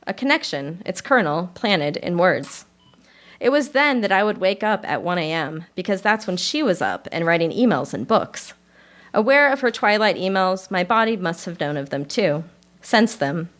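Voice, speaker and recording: A woman author reading her personal essay aloud at a live reading, in a measured and expressive voice. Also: medium pitch. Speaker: author reading own work.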